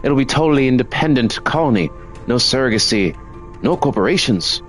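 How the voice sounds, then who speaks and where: A man's voice: mid-range voice, lively intonation, brisk, soft background music, voice pushed up, lightly acted. A man voicing a thin, ragged young father who is eager and hopeful, in a made-up accent while reading game dialogue aloud.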